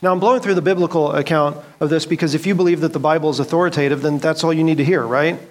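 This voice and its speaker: A man's voice: on the high side, steady tone, racing. Earnest man teaching a church class. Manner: earnest, asks the room questions, quotes scripture.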